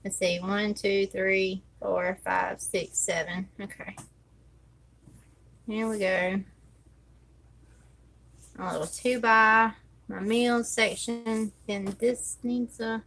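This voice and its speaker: Lady decorating her planner, talking to herself slow and easy, faint room hum behind. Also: medium pitch, fairly even intonation, fairly bright tone, rough recording. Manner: chatty, thinks aloud, counts under her breath. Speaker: planner vlogger. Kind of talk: casual chat while decorating a planner.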